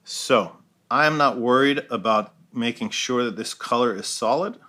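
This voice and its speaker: A man's voice: medium pitch, moderate pace, sharp tone. A man teaching a step-by-step painting tutorial, explaining each move as he paints and often checking in with "right?". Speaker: art instructor.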